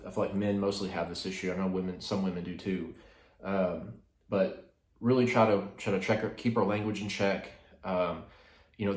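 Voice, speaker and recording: A man's voice: fairly low pitch, reverberant. A man hosting a casual devotional talk, speaking in a rambling way with many fillers and restarts. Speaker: host.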